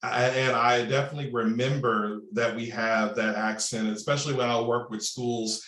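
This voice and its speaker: Animated Southern Indiana man in his thirties. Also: medium pitch, normal speed, echoey room. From Southern Indiana, USA. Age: 30s. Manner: animated, drawling, repeats words when starting. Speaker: panelist. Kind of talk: panel discussion storytelling.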